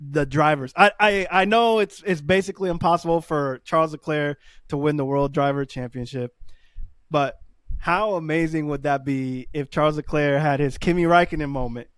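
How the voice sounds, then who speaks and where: A man co-hosting a podcast in casual chat, excitable and quick to laugh. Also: on the high side, clean tone, no echo, studio quality. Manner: excitable, laughs often, fast bursts. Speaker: podcast co-host.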